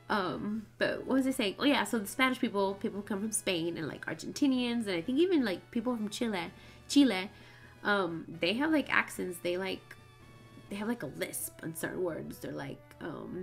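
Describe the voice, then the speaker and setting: A woman's voice: mid-range voice, normal speed, faint music behind. A young woman hosting a let's play, chatting casually and rambling off on tangents while she plays. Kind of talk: casual gameplay commentary.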